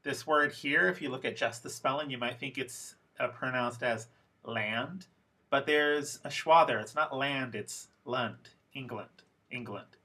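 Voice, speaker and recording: A man teaching English pronunciation in a lecture, speaking deliberately and repeating example words slowly for learners. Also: medium pitch, steady tone, sharp tone. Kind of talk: recorded classroom lecture.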